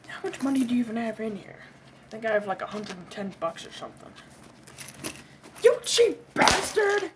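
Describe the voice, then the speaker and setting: A woman performing a comedic skit, voicing quarrelling characters with cursing, yelps and shouting outbursts. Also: medium pitch, background noise.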